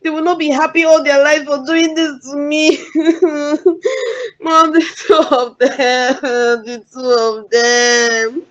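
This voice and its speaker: A woman with a Nigerian accent playing a distraught young woman, crying, wailing and shouting. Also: high-pitched, fairly even intonation, slow, lo-fi sound.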